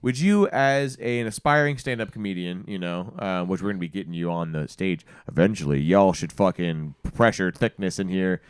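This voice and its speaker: A man's voice: sits low, moderate pace, hardly any pauses, clear, resonant tone, no room sound, clean studio sound. A man co-hosting a podcast, rambling through casual chat, laughing often and swearing freely. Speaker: podcast co-host.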